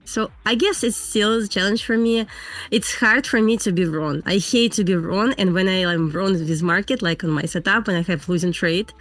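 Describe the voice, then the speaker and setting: A woman from Belarus speaks with a clear Russian accent, telling her trading story in plain, earnest English. Her mid-range voice comes over a video call in a dry, dead-sounding space. Faint music runs underneath. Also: mid-range voice, moderate pace, a bit bright, no echo. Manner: earnest, plain-spoken non-native English with frequent laughs. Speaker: guest trader. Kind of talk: casual interview chat.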